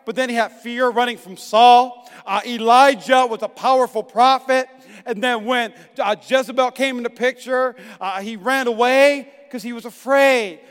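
A middle-aged pastor preaching a sermon, swinging from hushed tones to emphatic shouts. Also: male voice, very high-pitched, steady tone, moderate pace, clean tone. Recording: long echoing reverb.

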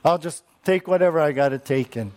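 A man voicing a stubborn runaway prophet who dismissively refuses to turn back, speaking in a rushed, higher voice. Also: darkish tone, natural voice. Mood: defiant.

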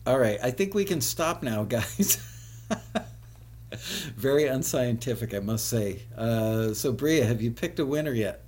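A man with a medium-pitched, expressive, somewhat dark voice hosts a live web show. He chats casually with his viewers, laughs a lot, and often spells things out slowly.

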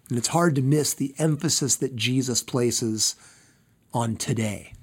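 A man preaching a sermon as pastor, slow and deliberate, repeating phrases for emphasis and trailing off softer at the ends of phrases. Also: medium pitch, husky.

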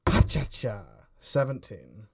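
A man playing a tabletop game, chatting in relaxed, upbeat banter. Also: mid-range voice, slow pace, breathy edge. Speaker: player. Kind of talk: casual tabletop play.

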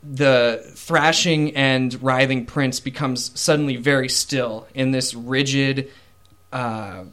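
A man's voice: mid-range voice, steady tone, slow pace, a bit bright. A man narrating a tabletop game as game master, casual, with many fillers. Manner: casual, with fillers and voiced characters.

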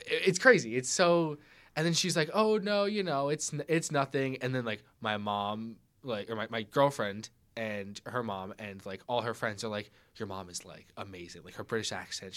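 A man's voice: medium pitch, sharp tone. A man in his twenties chatting casually, telling rambling stories full of "like" fillers. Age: 20s. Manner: rambling storyteller, many "like" fillers. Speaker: podcast guest, editor. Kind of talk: casual chat.

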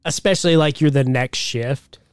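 A man's voice: mid-range voice, moderate pace, clear, resonant tone, dry recording, clean studio sound. A man from Utah co-hosting a podcast, talking in blunt, profane, casual banter and telling stories from his youth. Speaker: podcast co-host.

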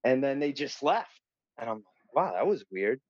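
A man's voice: medium pitch, moderate pace, no echo. Chatty guy, dull line. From Long Island, New York. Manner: animated, profane, acts out voices in quotes. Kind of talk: casual storytelling.

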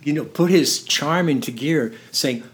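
An older man telling stories in an interview, halting and laughing, dropping to a hush when he quotes someone. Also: fairly high pitch. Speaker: interview guest. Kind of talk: storytelling in conversation.

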